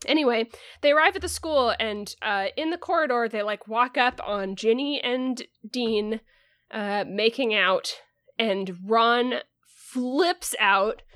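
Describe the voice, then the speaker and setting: A woman's voice: a little high, lively intonation, unhurried, a bit bright, no room sound, clean studio sound. A woman podcast host giving a casual, rambling recap of a book chapter, full of "um" and "like". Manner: rambling, filler-heavy, lots of "like" and "um".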